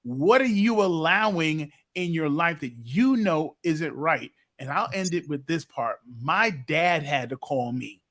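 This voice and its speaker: Earnest, preacherly man with a high voice. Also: expressive, measured pace, few pauses, a bit bright. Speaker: podcast co-host. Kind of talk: casual chat.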